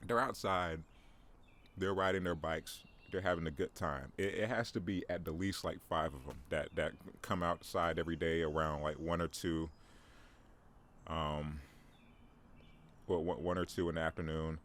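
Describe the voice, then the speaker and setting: A man's voice: low voice, fairly even intonation, moderate pace, a bit bright, a little hiss or hum. A young man in his twenties rambling through a solo podcast at home, joking at his own expense and stumbling through restarts. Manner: rambling, self-deprecating, joking, many restarts and "bro". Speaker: podcast host. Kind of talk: solo morning podcast monologue. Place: at home, in view of his backyard.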